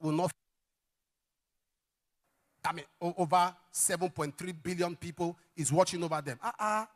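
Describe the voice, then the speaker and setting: A male pastor preaching a sermon, emphatic, with sudden shouted lines and questions thrown to the congregation. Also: high-pitched, moderate pace, pauses often.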